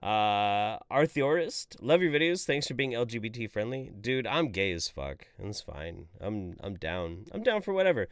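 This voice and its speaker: A man's voice: on the low side, sing-song, normal speed, few pauses, clear, resonant tone, dry recording, studio quality. A man hosting a live stream, reading out viewer messages and reacting in a profane, exasperated way. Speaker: livestream host. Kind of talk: casual live-stream chat.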